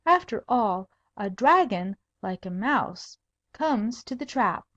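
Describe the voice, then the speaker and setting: A woman's voice: fairly high pitch, sing-song, slow, fairly bright tone, no room sound, dull audio, heavily acted. A woman voicing a brave young lady who speaks steadily and defiantly, in an audiobook.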